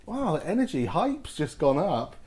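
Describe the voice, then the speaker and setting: A man hosting a card-opening video, giving casual commentary and exclaiming excitedly at each pull. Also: fairly high pitch, normal speed, husky. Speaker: host opening card packs.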